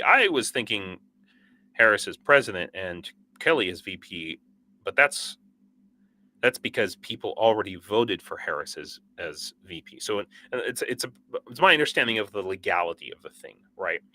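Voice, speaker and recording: A sleep-deprived man hosting a casual livestream, reading out viewer comments in a rambling, halting way with frequent restarts and laughs. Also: on the low side, expressive, pushed and bright. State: sleep-deprived and over-caffeinated. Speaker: livestream host.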